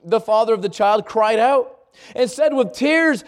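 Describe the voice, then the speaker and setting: Preaching a sermon at a measured pace, this man reads scripture aloud in a lower voice. He frequently repeats words while he thinks and asks the congregation questions.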